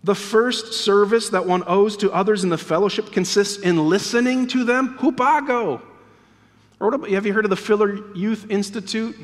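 A man with a high-pitched voice preaches a sermon as pastor, speaking at a moderate pace in an earnest, emphatic way and repeating key words for weight. The long reverb of a church hall surrounds him.

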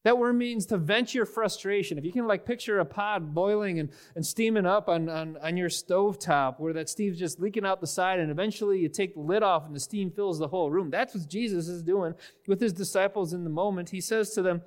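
High-voiced pastor preaching casually. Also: male voice, fairly quick, hardly any pauses. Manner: animated, casual, repeats words when restarting. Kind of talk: conversational sermon. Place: church stage before a congregation.

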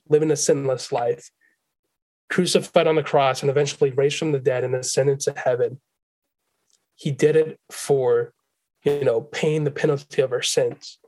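A man who is a guest on a Christian podcast, speaking slowly and deliberately and stressing key words. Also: a little high, rough recording.

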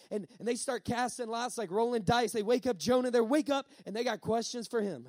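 High-voiced emphatic male preacher. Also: fairly quick, few pauses, a little mellow, no room sound. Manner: emphatic, repeats lines for effect, stretches key words. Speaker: pastor. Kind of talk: sermon.

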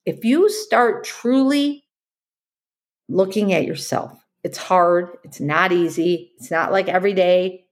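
A woman's voice: lowish voice, takes it slowly. A woman hosting a podcast, talking earnestly in a motivational monologue, repeating her points and asking rhetorical questions. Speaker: podcast host.

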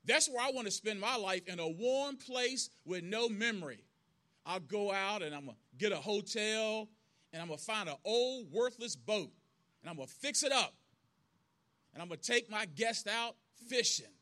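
Brief: soft, steady, hopeful male prisoner voiced by a preacher, bright and high. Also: normal speed. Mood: dreamy. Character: quiet, dreamy male prisoner, hopeful and determined.

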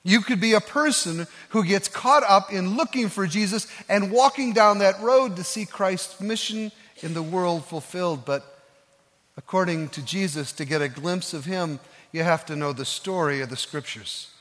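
A male pastor delivers a sermon as an earnest storyteller, leaning on slow, soft emphases. His voice is high, and the church sanctuary adds reverb.

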